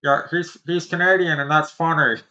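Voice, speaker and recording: A woman's voice: low-pitched, steady tone, moderate pace, bright, forceful tone, dull audio. A woman bantering casually on a game stream, playful and teasing.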